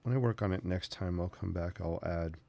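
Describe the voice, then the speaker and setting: A man's voice: low voice, brisk, gravelly, darkish tone. A man hosting a casual painting tutorial, rambling through chatty asides as he works. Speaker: sketching channel host.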